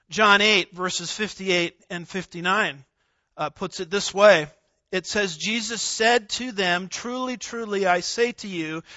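Male preacher, high-pitched and unhurried, punchy word-by-word emphasis, dull lo-fi recording. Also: pushed and bright, no room sound. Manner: emphatic, deliberate, stresses single words. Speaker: pastor. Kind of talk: expository sermon.

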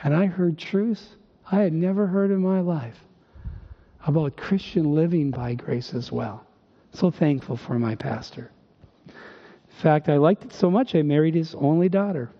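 A man's voice: a little high, measured pace. An older male pastor from northern Minnesota, preaching emphatically with rhetorical questions and dry humor. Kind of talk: sermon. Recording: dull recording with long hall reverb.

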